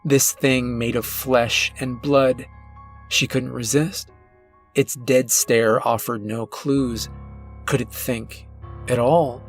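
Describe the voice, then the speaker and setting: A male storyteller reads a horror tale slowly and deliberately, drawing out the suspense. His voice is husky and mid-pitched, with faint music underneath. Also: fairly even intonation. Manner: slow, deliberate, suspenseful delivery. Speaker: narrator. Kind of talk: scripted horror narration.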